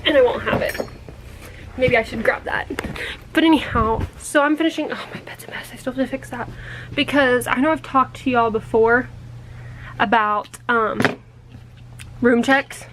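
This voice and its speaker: Chatty high-voiced young woman vlogging. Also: steady tone, moderate pace, pauses often, noisy background. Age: college age. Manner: rambling, chatty, laughs when embarrassed. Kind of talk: casual vlog.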